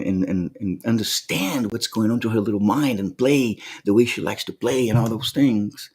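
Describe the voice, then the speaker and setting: Guy with a lowish voice doing a heartfelt motivational vlog, earnest, keeps repeating words. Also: darkish tone, breathy edge. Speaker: motivational vlogger. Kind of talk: reflective motivational monologue.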